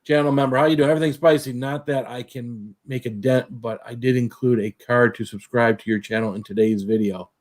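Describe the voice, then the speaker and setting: A man's voice: medium pitch, fairly even intonation, a little fast, few pauses. A man hosting a casual livestream, greeting viewers by name and chatting. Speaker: livestream host.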